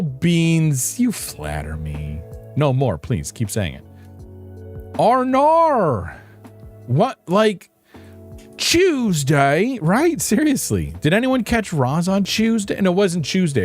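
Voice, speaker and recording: A man's voice: on the high side, darkish tone. A man streaming a game, chatting casually with viewers in a playful, rambling, self-mocking way. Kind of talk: casual live-stream chat.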